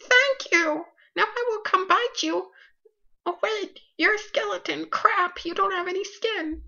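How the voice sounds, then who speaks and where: A performer voicing a hungry spider who grumbles bluntly, in a comic skit. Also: male voice, very high voice, measured pace, creaky, sharp tone, heavily acted. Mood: grumpy. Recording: lo-fi dull recording.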